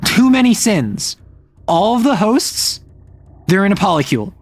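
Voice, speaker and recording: Gravelly-voiced excitable male streamer. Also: sits high, dry recording. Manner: excitable, laughing, quick asides. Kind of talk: casual livestream chat.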